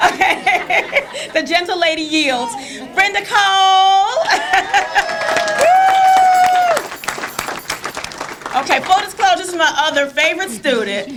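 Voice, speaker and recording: A woman judge speaks proudly and with laughter as she introduces graduates at a courtroom ceremony. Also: high-pitched. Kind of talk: ceremony remarks. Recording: noisy courtroom.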